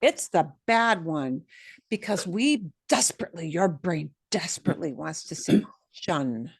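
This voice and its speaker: A woman teaching a beginner Spanish class online. She models words slowly and adds playful asides. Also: lowish voice, animated, slightly rough, no room sound, studio quality.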